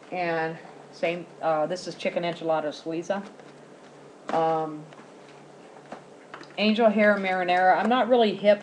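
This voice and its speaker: A woman's voice: low voice, darkish tone, slight background noise, low-quality recording. A woman, chatting casually to camera as she shows off her groceries at home. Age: 40s. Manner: chatty, rambling, giggly. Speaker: vlogger showing a grocery haul.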